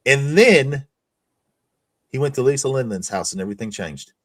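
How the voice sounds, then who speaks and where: A man's voice: mid-range voice, animated, normal speed. A man hosting a casual livestream chat, swearing freely and laughing through his stories. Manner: profane, laughing storyteller. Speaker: streamer host.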